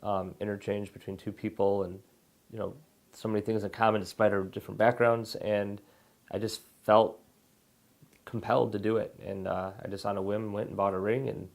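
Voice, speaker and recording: A male author answers interview questions in a loose, rambling way, often restarting his sentences. His voice sits on the low side and comes across plainly. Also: flat delivery, normal speed, vocal fry. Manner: rambling, frequent fillers and restarts.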